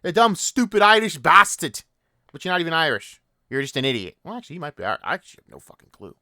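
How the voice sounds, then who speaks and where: A man's voice: medium pitch, sing-song, racing, sharp tone, dry recording, clean studio sound. Profane mocking man ranting. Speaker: commentary channel host. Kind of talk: ranting commentary.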